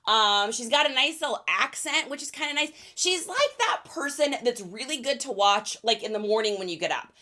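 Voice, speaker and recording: A woman hosting a casual livestream while packing orders, chatty and high-energy. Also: expressive, moderate pace, hardly any pauses, pushed and bright. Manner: high-energy, chatty, reads out viewer names. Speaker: reseller livestream host.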